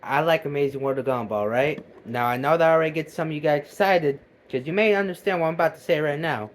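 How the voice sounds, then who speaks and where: Man, animated recap, profane, loud bursts, slightly high voice. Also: quick pace, slight background noise. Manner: animated, profane, jumps between loud outbursts and mutters. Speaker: video reactor. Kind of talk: excited recap of a video.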